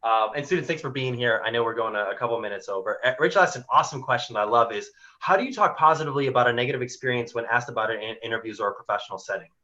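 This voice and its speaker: Animated male workshop host, lo-fi audio. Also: mid-range voice, very fast, hardly any pauses. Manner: animated, acts out quoted people. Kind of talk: online workshop talk.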